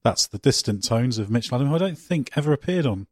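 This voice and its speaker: Fast-talking and expressive, this male motorsport podcast host keeps things casual, cracking jokes, teasing and often starting his sentences over. His voice is mid-range, with no room sound.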